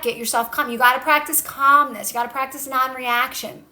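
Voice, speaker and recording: A woman on a phone livestream, coaching viewers in a casual way, repeating calm instructions and answering their comments. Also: sits high, moderate pace, hardly any pauses. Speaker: manifestation coach. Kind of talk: casual TikTok live talk.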